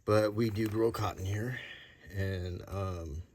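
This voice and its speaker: Low-voiced guy from alabama, bit of a southern accent left, soft easy show and tell, small clicks now and then. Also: fairly even intonation, slight background noise. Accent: faint Southern US. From Alabama, USA. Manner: soft-spoken, unhurried, with many ums and uhs. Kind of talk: soft-spoken unintentional ASMR show and tell.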